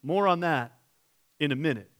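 A man's voice: fairly high pitch, lively intonation, normal speed, a bit bright. A man pastor preaching a sermon, earnest and direct, asking the congregation rhetorical questions and reading scripture aloud.

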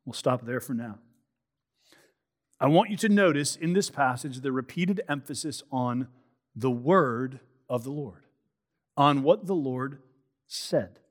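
A man preaching a sermon, reading scripture aloud and teaching in a measured, emphatic way with pauses. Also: a little high.

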